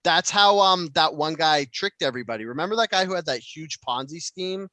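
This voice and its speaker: A man co-hosting a podcast in casual, meandering chat, swearing freely as he goes. His voice sits a bit high and sounds bright and forceful. The sound is close and dry, with no room around it. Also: expressive, fairly quick, dry recording. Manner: rambling, frequently swearing. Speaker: podcast co-host.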